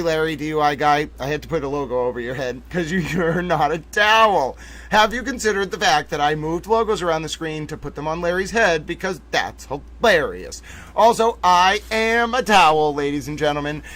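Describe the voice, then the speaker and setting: A fairly high-voiced man hosts a live stream with playful, theatrical commentary. He slips into a mock nature-documentary narration and keeps calling out to his viewers in a showman's way. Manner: repeats "ladies and gentlemen" often. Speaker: livestream host.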